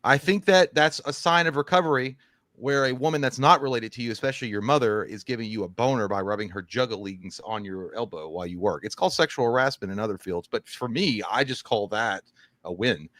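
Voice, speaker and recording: A man's voice: mid-range voice, brisk, fairly bright tone, dry recording. A man co-hosting a live stream, reading viewer messages aloud in a loose, rambling, profane, joking way. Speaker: co-host reading super chats. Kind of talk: casual live-stream chat.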